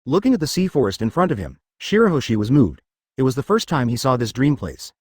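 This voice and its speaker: Text to speech guy reading a fanfic, lively pitch, dry close sound. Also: fast, husky, no echo. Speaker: narrator. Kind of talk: scripted narration of fan fiction.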